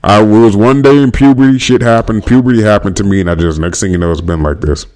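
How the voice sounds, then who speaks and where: A young man from Northern California, hosting a casual phone livestream with a voice his viewers single out. He jokes loosely and reads out comments and shout-outs. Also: fairly low pitch, fast, hardly any pauses. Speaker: livestream host. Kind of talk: casual livestream chat reading comments aloud.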